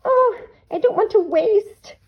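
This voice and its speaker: Woman playing a dainty, fussy crafter, very high and squeaky, drawn out. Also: expressive, slow pace, dull audio, full character voice. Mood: timid. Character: timid fussy crafter afraid of wasting glue.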